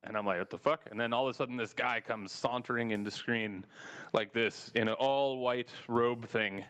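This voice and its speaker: A man's voice: medium pitch, moderate pace, clean tone. Guy on a podcast telling a wild story, swears a lot, laughs a bunch, plain middle voice. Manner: animated, profane anecdote with laughter. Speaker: podcast host. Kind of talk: casual storytelling.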